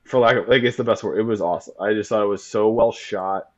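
A man co-hosting a casual podcast chat, talking with animated excitement and frequent swearing. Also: lowish voice, fast, lo-fi sound. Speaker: podcast co-host.

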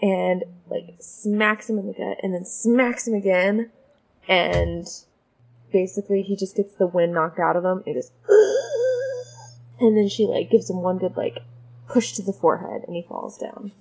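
A woman playing a tabletop game, describing her character's moves in an animated, giggly way. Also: medium pitch, normal speed, creaky, poor audio. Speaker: player.

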